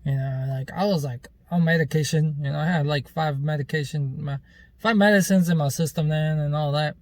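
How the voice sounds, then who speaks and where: A man's voice: fairly high pitch, fairly quick, no echo. A man vlogger telling a rambling, loose story in casual chat, with plenty of fillers and some swearing.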